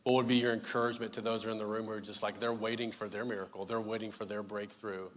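A man's voice: fairly low pitch, level tone, rapid-fire. Affirming man moderating a panel. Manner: affirming, with frequent "so good" replies. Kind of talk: hosting a panel at a live church event.

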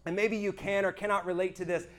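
A man sharing his church testimony with a small group, earnest and animated, often checking in with his listeners. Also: high-pitched, quick pace. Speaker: speaker giving his testimony.

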